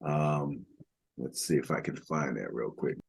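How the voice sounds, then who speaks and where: A man's voice: a bass voice, measured pace, vocal fry, husky. An older man co-hosting a casual football podcast, rambling through stats with lots of fillers. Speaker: podcast co-host. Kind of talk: casual sports talk.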